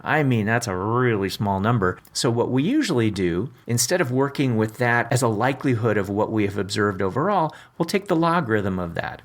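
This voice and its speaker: A man co-hosting a casual teaching chat, explaining patiently step by step with informal asides. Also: medium pitch. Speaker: co-host.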